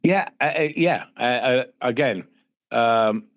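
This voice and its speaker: A man's voice: medium pitch, slow pace, dry recording, dull audio. A man guesting on a podcast, telling casual anecdotes and acting out the dialogue in them. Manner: acts out dialogue in stories, many fillers.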